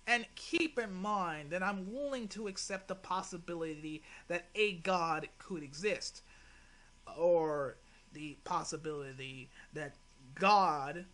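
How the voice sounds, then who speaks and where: High, bright-voiced exasperated man. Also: takes it slowly. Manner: exasperated, sighing, profane. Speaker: channel host responding to a video. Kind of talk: casual commentary rebuttal.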